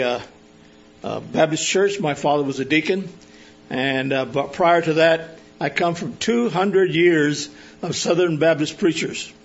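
Halting older man preaching a sermon. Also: on the high side. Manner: halting, many filler sounds and restarts. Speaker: police chaplain and preacher. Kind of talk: sermon with personal testimony. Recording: dull lo-fi recording.

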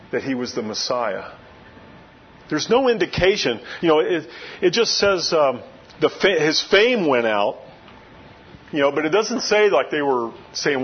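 A man delivers a sermon as a casual retelling, full of asides to his listeners. His voice sits high for a man and is husky. The recording is muffled and lo-fi. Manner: conversational storytelling with many "you know" asides. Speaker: pastor.

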